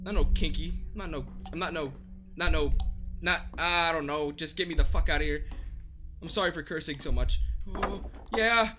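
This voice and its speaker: A man's voice: fairly high pitch, moderate pace, sharp tone, faint music behind. A man giving panicky horror game commentary, screaming, cursing and taunting the monster as he plays. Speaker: gaming channel host.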